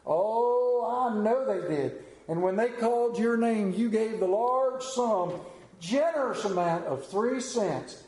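A man's voice: high voice, animated, takes it slowly, darkish tone, voice pushed up. A man voicing an exasperated small-town father, scolding in a drawl, recorded in an echoey room. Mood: sarcastic. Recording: roomy echo.

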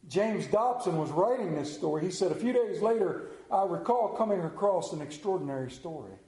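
A man delivers a folksy, earnest sermon, speaking of his own faith and reading scripture aloud. His voice sits high, with a mellow, dark tone. The sound is echoey, as if in a large room. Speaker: preacher.

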